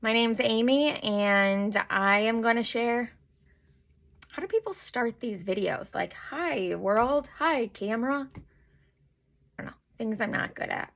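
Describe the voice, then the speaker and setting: A woman speaks to her camera at home, candid and a little nervous, laughing at herself. Her voice sits somewhat high, and she turns tearful and emotional as she tells her story. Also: creaky, fairly bright tone. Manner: candid, nervous, self-deprecating. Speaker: vlogger.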